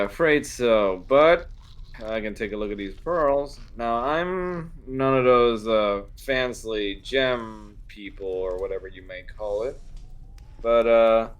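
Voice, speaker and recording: A man voicing a gruff, blunt woman blacksmith who teases customers and calls them darling. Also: mid-range voice, pitched above the performer's own voice, natural voice.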